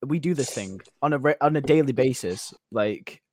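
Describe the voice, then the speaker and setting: A young man with a British accent chats on a podcast, joking and laughing as he goes. His voice sits at a middling pitch. The recording is dry and close, with no room sound. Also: normal speed, no echo. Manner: jokey, animated, often laughing. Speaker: podcast co-host. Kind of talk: casual chat.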